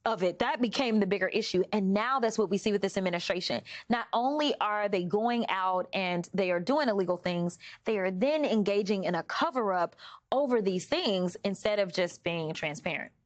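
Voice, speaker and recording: A woman's voice: medium pitch, normal speed, dull audio. Woman explaining law on a panel. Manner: explains points step by step. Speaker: panel commentator. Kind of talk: political panel discussion.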